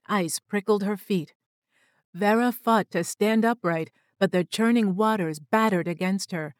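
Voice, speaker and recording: A woman narrates a storybook in a slow, deliberate, dramatic reading. Her voice sits a little low, and the recording is close and dry with no room sound. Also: dry recording.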